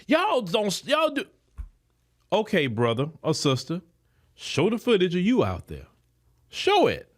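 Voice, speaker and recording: Male podcast host, high and very animated, preachy commentary aimed right at the audience. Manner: preachy, emphatic, addresses listeners directly; colloquial, many repeated words. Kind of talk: political commentary monologue.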